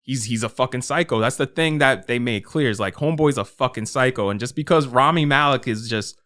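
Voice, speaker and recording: Profane, animated man reviewing films. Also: mid-range voice, fairly quick. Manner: animated, profane, acts out his own reactions. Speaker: podcast co-host. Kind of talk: casual film review chat.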